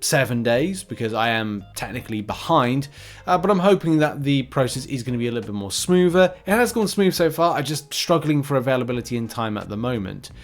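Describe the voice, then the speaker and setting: A man's voice: medium pitch, lively intonation, brisk, soft background music. Chatty man rambling through gaming news. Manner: chatty, rambling, frequent fillers and restarts. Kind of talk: casual news roundup.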